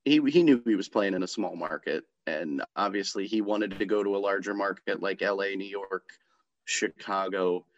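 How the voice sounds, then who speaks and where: A man co-hosting a sports podcast in casual chat, making his points in an earnest, measured way. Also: sits low. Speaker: podcast co-host. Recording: dull lo-fi sound.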